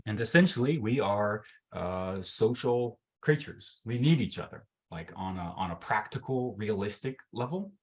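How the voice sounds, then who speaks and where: He speaks at a lowish pitch, expressively, at normal speed with few pauses, teaching a mental fitness workshop session on a video call. Casual and full of fillers, he voices inner thoughts aloud.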